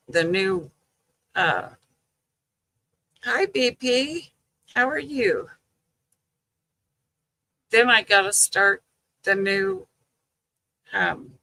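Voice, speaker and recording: An older grandmother chatting live with her viewers in an unhurried, rambling way. Her voice is gravelly and bright, and she takes her time getting through each story. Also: medium pitch, rough recording. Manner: slow, chatty storytelling with frequent "you know" and laughter. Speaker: livestream host chatting with viewers. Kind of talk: casual live chat.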